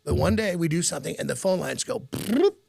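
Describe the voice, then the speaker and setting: A man's voice: fairly high pitch, quick pace, gravelly, husky. A middle-aged man with a Midwestern American accent, telling stories in a casual interview and acting out the voices of people he quotes. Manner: animated storyteller, acts out quotes, laughs often. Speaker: radio host and guest.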